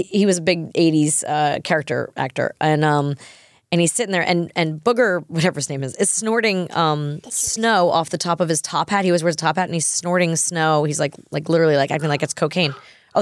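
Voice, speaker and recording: Woman host, 40s, deep voice, dry close mic, chatty and rambling with fillers. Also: a little fast, dry recording. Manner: rambling, laughs often, many fillers. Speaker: podcast host. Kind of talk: casual chat.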